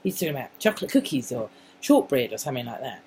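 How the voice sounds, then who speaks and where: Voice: medium pitch, very animated, quick pace, dark tone, slight background noise, poor audio. An English-accented adult vlogger talking casually in a wandering monologue, full of restarts and asides. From England.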